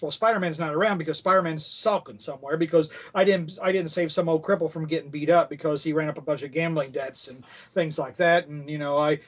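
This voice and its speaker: Rambling male podcast host, slightly high voice, dull lo-fi sound; casual comic recap. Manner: rambling, many fillers.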